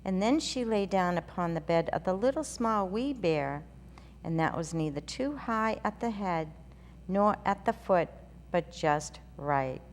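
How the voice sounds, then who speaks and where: A woman hosting a children's story show, reading a storybook aloud in a gentle, sing-song way. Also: fairly low pitch, expressive, unhurried. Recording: reverberant room with faint hum.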